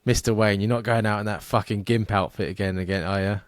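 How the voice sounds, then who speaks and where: A man voicing a rough, abrupt, sweary Cockney butler in a high, loud voice. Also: fairly even intonation, quick pace, dry recording, studio quality, lightly acted. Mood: scolding. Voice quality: crude, rough-mouthed, higher and louder than his own voice.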